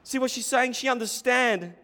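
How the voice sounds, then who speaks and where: A man preaching a sermon in a church hall, telling the story with animated, dramatic delivery. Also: very high-pitched, normal speed. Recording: echoey hall reverb.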